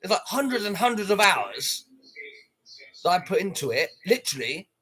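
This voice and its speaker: A man's voice: high-pitched, sing-song, moderate pace, sharp tone. A man livestreaming, ranting to his viewers in an aggrieved, swearing, rambling way.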